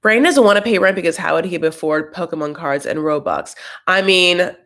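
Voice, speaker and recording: A man's voice: sits high, big pitch swings, a little fast, sharp tone. A man hosting a reality TV reaction show, recapping in a sassy, gossipy, campy way. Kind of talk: casual TV recap commentary.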